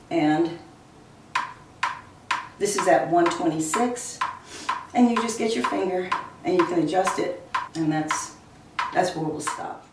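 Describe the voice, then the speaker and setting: A woman teaching a music lesson beside a piano, explaining slowly and counting beats aloud. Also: on the low side, recorded from a distance, a little hiss or hum. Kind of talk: recorded classroom lesson. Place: room with a piano. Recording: very echoey room, voice away from mic.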